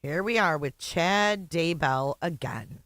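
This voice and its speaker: Co-host with quick offhand remarks. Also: mid-range voice, a bit bright, no echo. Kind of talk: casual chat.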